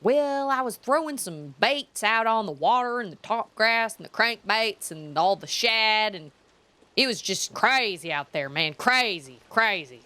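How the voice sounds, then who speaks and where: A woman imitating a drawling, excited male fisherman from TV shows, rambling on. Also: medium pitch, measured pace, pitched above the performer's own voice.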